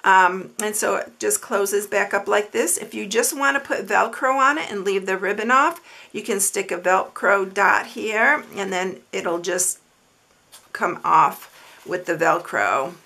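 A woman's voice: mid-range voice, measured pace, vocal fry, bright, forceful tone. A woman hosting a papercraft tutorial, chatting casually, repeating herself and dropping fillers as she shows her work. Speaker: papercraft channel host.

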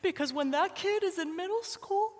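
A woman in her forties, a guest speaker telling stories to a church congregation on Mother's Day, with lively storytelling and acted-out shouts. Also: very high-pitched, moderate pace. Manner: warm storytelling, acts out her son's shouts. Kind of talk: Mother's Day sermon talk. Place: church sanctuary. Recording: long hall reverb of a church.

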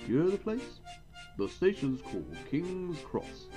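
A man's voice: a little high, big pitch swings, music in the background, pitched above the performer's own voice. A man voicing a pompous grumbling engine. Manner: slow, pompous and cross. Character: proud, grumbling big male steam engine.

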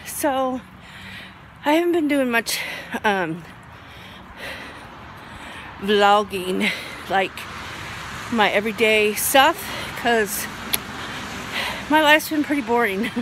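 A woman's voice: a little high, lively intonation, slow pace, pauses often, background noise. A woman in her forties chatting casually to camera as a vlogger, rambling with lots of ums. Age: 40s.

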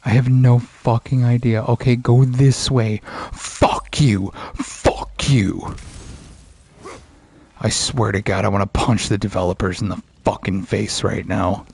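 Gravelly, cursing gamer man. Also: lowish voice, flat delivery, normal speed, few pauses, a little mellow. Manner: profane, frustrated ranting. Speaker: gaming streamer. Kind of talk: casual let's play commentary.

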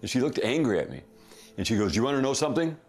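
A middle-aged man casually telling a family story as a podcast guest, chuckling often and throwing in quick asides. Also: medium pitch, big pitch swings, darkish tone, faint music behind.

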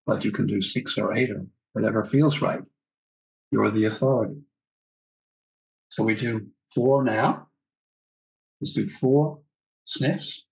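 Calm, breathy male breathwork teacher. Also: fairly low pitch, lo-fi sound. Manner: calm, slow, soothing instruction. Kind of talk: guided breathing class.

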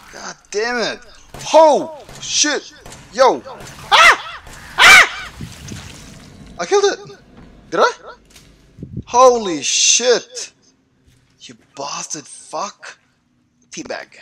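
A man's voice: a little high, gravelly, sharp tone, slight background noise. A man playing a horror game and commenting live, swearing constantly and yelping in panic. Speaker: let's play gamer.

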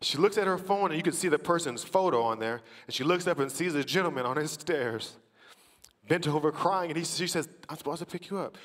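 A man from the church team telling a story from the stage, acting out the quotes and rising to shouted praise. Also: a little high, brisk. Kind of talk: testimony preached from the stage. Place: large church auditorium. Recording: long hall reverb.

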